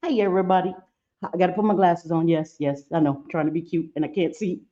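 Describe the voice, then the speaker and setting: A woman hosts a casual livestream and chats with her viewers, greeting them by name. Her voice sits a little low and sounds mellow and warm. The stream audio is dull and lo-fi. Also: steady tone, fast. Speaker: livestream host. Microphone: computer mic on a livestream.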